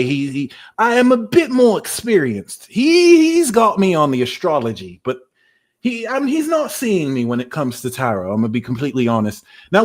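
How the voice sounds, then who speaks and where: A man voicing a cheeky, vain British tarot reader with a put-on British accent, playful and teasing during a live tarot reading. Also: on the high side. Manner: playful, teasing, mock-indignant.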